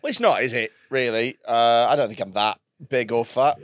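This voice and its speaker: A man co-hosting a comedy podcast, in deadpan, self-mocking banter. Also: medium pitch, normal speed, no room sound, clean studio sound. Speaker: podcast co-host.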